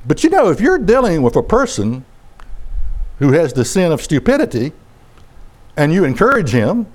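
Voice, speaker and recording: A man's voice: on the high side, wildly swooping pitch, moderate pace. A middle-aged man preaching a sermon in a folksy, conversational way with sarcastic asides.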